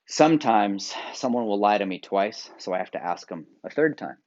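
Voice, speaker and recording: A man from the United States giving a motivational video talk, coaching viewers through exercises with direct instructions, shifting from loud emphasis to quiet asides. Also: lowish voice, lively intonation, moderate pace, few pauses. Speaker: workshop presenter. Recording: dull lo-fi sound.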